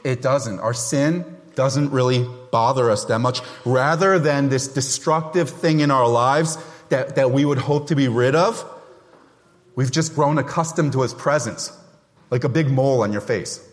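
A middle-aged man preaching a sermon as a pastor, loud and emphatic, with self-deprecating humor. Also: mid-range voice, measured pace, long reverb tail.

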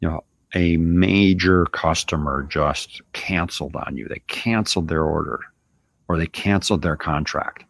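Deep, gravelly man talking casually. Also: normal speed, fairly bright tone, dry recording. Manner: loose, conversational, lots of "you know" and "right?". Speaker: business owner and show host. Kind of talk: casual coaching monologue.

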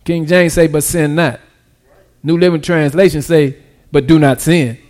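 High-voiced preaching man, hushed to shouted. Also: steady tone, a little slow. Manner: preaching with call-and-response, swinging from hushed to shouted; casual vernacular grammar. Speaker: pastor. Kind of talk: sermon.

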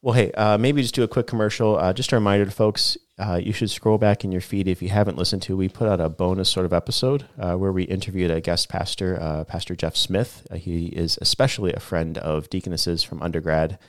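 A man's voice: deep voice, steady tone, brisk, hardly any pauses, dry recording. A man who is a pastor, talking through a sermon in a casual, reflective podcast chat.

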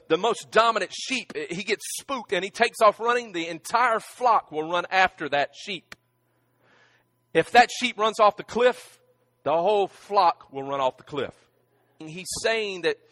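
High-voiced man preaching a sermon. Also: no echo. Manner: emphatic preaching with repeated restarts and stammers; drops to a hushed, near-whispered voice at emotional moments. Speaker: pastor.

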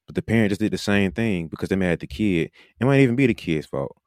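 A man's voice: low voice, expressive, fast, a little mellow, dry recording, studio quality. A man, a podcast host and coach, talking casually and animatedly, now and then mimicking coaches mid-sentence. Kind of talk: casual monologue.

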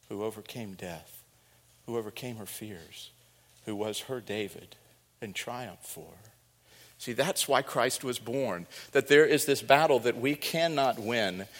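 A middle-aged man preaching a sermon, swinging between loud bursts and hushed passages. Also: medium pitch. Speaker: pastor. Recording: reverberant hall.

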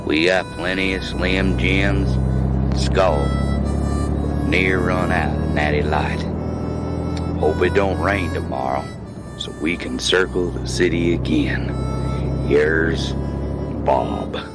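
A man playing a trucker from the reading a letter to his wife in a comedy sketch, in a slow, very deep drawl. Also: steady tone. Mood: earnest. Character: Southern male trucker writing to his wife. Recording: mixed with loud music.

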